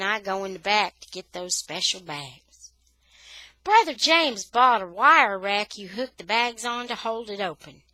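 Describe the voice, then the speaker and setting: A woman reading a children's novel aloud for English learners, with steady, expressive storytelling. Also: medium pitch, no echo.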